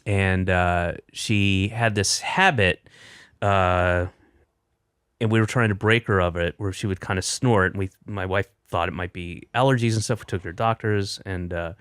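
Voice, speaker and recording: A man's voice: low voice, steady tone, moderate pace, fairly bright tone, clear, resonant tone, dry recording, studio quality. A middle-aged man, a comedian, chatting casually and telling a rambling story with offhand swearing. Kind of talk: casual chat.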